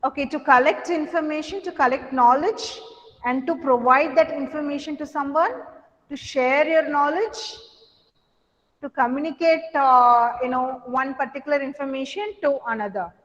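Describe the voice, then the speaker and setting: A woman with a high voice teaches a class on communication, asking questions and repeating her points with frequent fillers. The sound is dull and lo-fi, with a long reverb from the hall. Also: steady tone, moderate pace, a bit bright. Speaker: college lecturer. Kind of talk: classroom lecture on communication skills.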